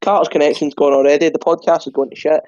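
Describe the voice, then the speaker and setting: A man's voice: a little high, level tone, quick pace, a little mellow, no echo, highs cut off. A young man hosting a podcast, joking and ribbing his guests in casual banter. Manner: laughing, ribbing, hesitant fillers. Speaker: podcast host.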